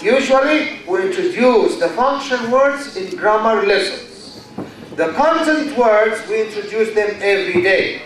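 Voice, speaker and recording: Slow Egyptian man lecturing in echoey hall. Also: high-pitched, lively intonation, a bit bright, faint music behind. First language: Arabic. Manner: slow, drawn-out emphasis, repeats example sentences. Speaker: university lecturer. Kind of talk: classroom lecture. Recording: echoey hall, mic far off.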